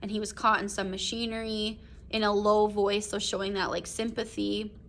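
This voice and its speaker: Bright-voiced woman teaching a story. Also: mid-range voice, flat delivery, normal speed, slight background noise. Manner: reads passages aloud then explains them with fillers like "um", "like" and "right?". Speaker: English teacher. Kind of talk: recorded literature lesson reading and explaining a story.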